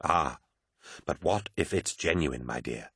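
A man reading an audiobook, voicing an old male orator who reasons in a measured, persuasive way. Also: rumbling low, expressive, sharp tone, husky, no echo, studio quality, pitched below the performer's own voice, exaggerated voice. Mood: reasoning.

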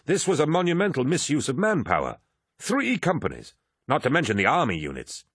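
A man voicing a harsh, forceful male captain who speaks loudly and emphatically. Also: mid-range voice, normal speed, no echo, studio quality, voice pushed up. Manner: loud and emphatic.

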